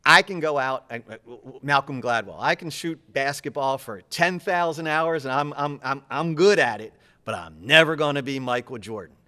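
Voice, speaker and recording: A man giving interview answers as a public speaking coach, energetic and fast-talking, gesturing as he speaks. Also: medium pitch.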